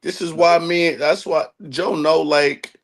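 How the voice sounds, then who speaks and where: A man's voice: a little high, steady tone, takes it slowly, creaky. A male wrestler guest on a podcast, chiming in with short, affirming remarks. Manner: brief interjections, affirming. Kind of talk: casual interview.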